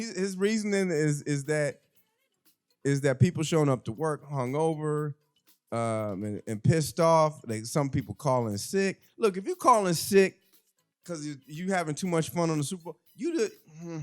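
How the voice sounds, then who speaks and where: A fairly high-voiced man hosts a casual podcast monologue. He swings between loud, animated exclaiming and low muttering, restarting his sentences often. A little music plays quietly behind him. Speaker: podcast host. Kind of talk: casual monologue on current events. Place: home.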